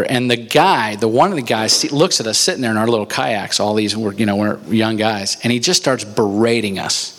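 A man preaching a sermon, telling a story with lively energy and laughing at his own jokes before reading scripture. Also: lowish voice. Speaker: pastor.

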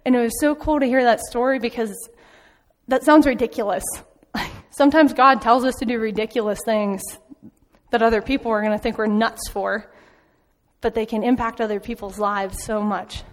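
Woman, informal church talk, conversational storyteller, higher voice, reverberant sanctuary. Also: fairly even intonation, moderate pace. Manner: chatty storytelling with frequent ums and laughs. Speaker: church speaker back from a mission trip. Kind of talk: informal sermon. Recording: long hall reverb.

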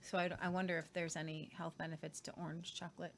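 A woman's voice: fairly low pitch, little pitch movement, fast, slight background noise. A woman co-hosting a casual chat, rambling about chocolates with many fillers. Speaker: co-host.

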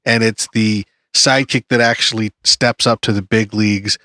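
A man's voice: fairly low pitch, steady tone, moderate pace, pushed and bright, dry recording, clean studio sound. A man on a panel, arguing his vote in a hesitant way with many fillers and restarts. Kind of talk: casual debate.

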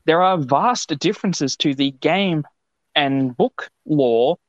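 Slow and a little high in pitch, this Australian man co-hosts a podcast, chatting casually and spinning rambling, lively stories. The recording is dry, with the dull sound of lo-fi podcast audio.

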